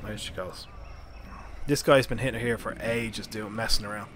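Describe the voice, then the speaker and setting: A man's voice: lowish voice, fairly even intonation, moderate pace. Chatty Irish man streaming a game. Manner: chatty, laughs often, thinks aloud. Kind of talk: casual live-stream chat. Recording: noisy background.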